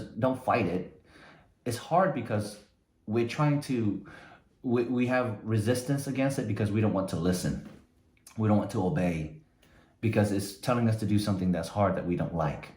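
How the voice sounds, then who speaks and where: Low-voiced man giving a motivational talk. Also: a little mellow. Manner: conversational, frequent "right?" tags. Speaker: motivational speaker. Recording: echoey room.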